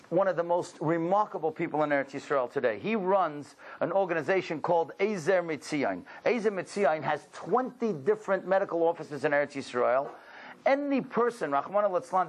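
A man delivers a religious talk to a congregation, telling stories with animated exclamations. His voice sits high for a man. He keeps asking his listeners rhetorical questions. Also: poor audio. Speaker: religious speaker.

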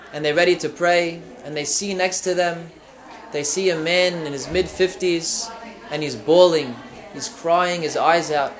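A man giving an animated Torah lecture, telling a story with quick asides and rising emphasis. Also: on the high side.

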